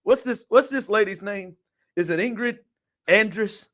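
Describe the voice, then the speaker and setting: Animated high-voiced man, sports talk. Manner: animated, incredulous, quick laughs, fillers like "like". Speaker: podcast host.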